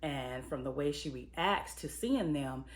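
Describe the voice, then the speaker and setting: A woman with a notably low, deep voice talks through a TV episode in a relaxed, chatty recap. She sprinkles in "um" and "you know" as she goes. She breaks things down like a screenwriter weighing each choice. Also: takes it slowly. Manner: analytical, weighing craft choices. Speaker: TV episode reviewer, screenwriter and producer. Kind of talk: casual spoken episode recap and commentary.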